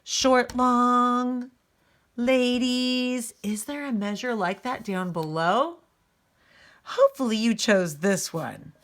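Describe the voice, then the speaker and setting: A woman's voice: mid-range voice, big pitch swings, measured pace. A woman music teacher giving a recorded lesson, patiently explaining step by step and speaking straight to her students.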